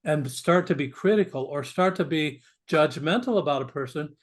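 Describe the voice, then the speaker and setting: A man with a fairly high speaking voice, talking as a podcast guest. He speaks earnestly and with emphasis, and he often stumbles over the first words of a sentence before he finds his point. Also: animated, moderate pace. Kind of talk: conversational interview.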